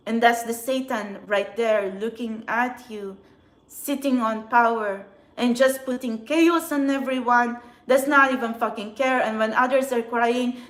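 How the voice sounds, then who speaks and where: Outdoors in a city, a woman who works as a spiritual channeler and tarot reader vents in an emotional, agitated monologue. She swears often and swings between quiet and loud, her voice on the high side with a reverberant sound.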